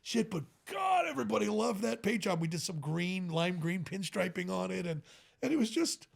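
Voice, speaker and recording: A middle-aged man, a custom motorcycle builder, telling animated stories as a podcast guest and often laughing between them. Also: high-pitched, normal speed, vocal fry. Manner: animated, tells stories with quoted voices and frequent laughs. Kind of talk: casual storytelling in a podcast interview.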